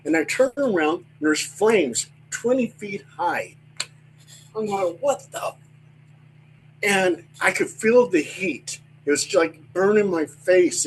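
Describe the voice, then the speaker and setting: An older man with a slightly high voice spins animated stories in loose, profane talk. A faint hiss sits under his voice. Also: poor audio. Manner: animated storyteller, swears freely, acts out voices. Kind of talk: casual storytelling chat.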